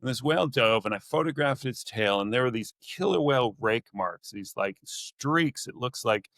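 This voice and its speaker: A middle-aged man from California, a naturalist guest telling rambling, lively stories in a casual podcast interview, on a close mic. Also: medium pitch, normal speed, no echo.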